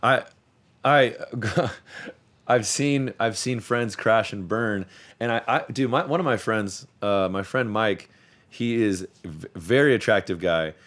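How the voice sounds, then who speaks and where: A man's voice: on the low side, slow, fairly bright tone. A man hosting a podcast, talking in a rambling, profane casual chat and repeating words as he restarts his sentences. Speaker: podcast host; youth sports coach.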